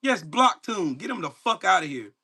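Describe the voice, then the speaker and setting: A man's voice: sits high, very animated, normal speed, sharp tone, breathy edge. Angry profane man ranting at live chat. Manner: profane, mocking, confrontational. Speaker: livestream host.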